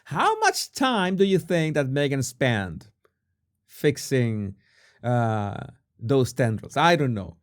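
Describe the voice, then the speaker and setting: Halting, sarcastic male commentator. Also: mid-range voice, big pitch swings. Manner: halting and sarcastic, full of restarts. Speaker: body language commentator. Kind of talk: casual video commentary.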